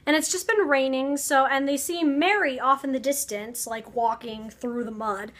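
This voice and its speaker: A woman's voice: high-pitched, normal speed, few pauses, a bit bright. A young woman vlogging, telling a story in a rambling, sarcastic way full of fillers, talking to the camera. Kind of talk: casual storytelling vlog.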